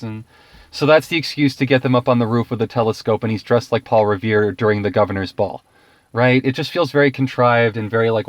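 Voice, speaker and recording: A man's voice: mid-range voice, fairly quick, dry recording. A man giving a casual, ranting film review, exasperated and profane, laughing often.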